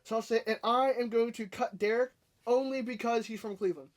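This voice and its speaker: A man's voice: extremely high pitch, steady tone, fairly quick. A man guesting on a casual podcast, who stammers and repeats words and laughs often.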